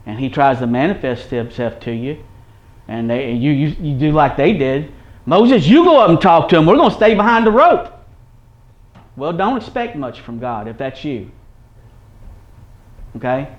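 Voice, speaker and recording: A man preaching an earnest Bible-teaching sermon, repeating his points and checking in with his listeners. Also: medium pitch. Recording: dull lo-fi recording.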